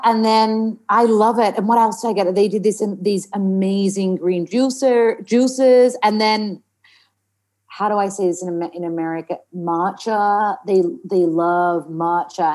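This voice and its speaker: An Australian woman trained as an actor, a podcast guest who chats in a lively, laughing way and swears casually while trying an American accent. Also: mid-range voice, a little slow. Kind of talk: casual chat.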